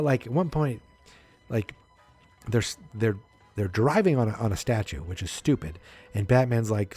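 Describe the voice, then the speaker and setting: Man, podcast host, husky voice, casual rambling recap, faint music behind. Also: on the low side, darkish tone, dry recording. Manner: rambling recap that acts out quotes in silly voices. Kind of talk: casual movie review chat.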